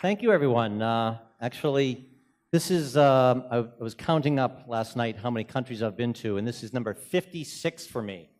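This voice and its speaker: A man with a Boston accent giving an energetic, joking conference presentation in a hotel conference room. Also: mid-range voice, moderate pace, slight background noise. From Boston, USA. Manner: energetic, joking, moves around a lot. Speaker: conference speaker.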